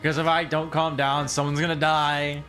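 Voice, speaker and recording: A man casually commentating his gameplay, excitable and rambling, repeating himself and laughing often. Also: fairly high pitch, moderate pace, soft background music. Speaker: streamer.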